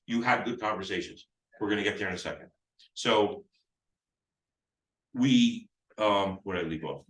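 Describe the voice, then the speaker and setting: At a moderate pace and in a lowish, fairly bright voice, a man teaches agents real estate phone scripts during live training. He acts out both sides, including seller lines, while rambling and restarting often. Audio comes from a distant mic in an echoey space.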